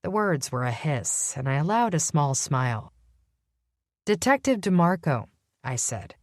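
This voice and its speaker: A woman reading a first-person audiobook, measured and wry. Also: a bass voice, very animated, a little mellow, dry recording, studio quality. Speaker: audiobook narrator.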